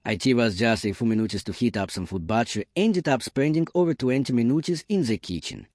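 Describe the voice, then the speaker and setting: A man calmly narrating a first-person story in an even storytelling manner. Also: medium pitch, moderate pace, dry recording, studio quality.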